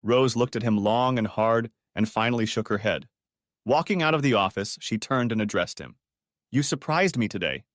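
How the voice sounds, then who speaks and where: A man narrating a dramatic story in a steady, scripted reading. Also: fairly low pitch, normal speed, no echo, clean studio sound. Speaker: audiobook narrator.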